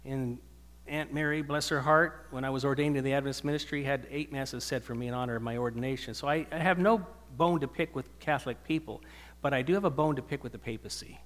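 A man's voice: mid-range voice, fairly even intonation, fast talker, a bit bright. A male pastor giving an earnest sermon that swells into emphatic preaching, in a church hall with long reverb.

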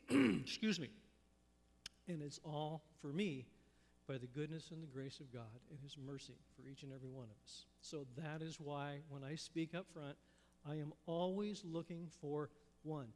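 A man preaching a sermon in a church, telling stories in a folksy, unhurried way. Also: fairly high pitch, darkish tone, big-room sound. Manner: folksy storytelling with pauses. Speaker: pastor. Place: church sanctuary.

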